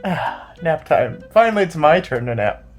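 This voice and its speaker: A young woman with a low voice co-hosts a casual home vlog. She teases her friend and laughs often as she talks. Faint music plays behind her. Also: big pitch swings, moderate pace. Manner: teasing, laughing. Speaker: vlog co-host.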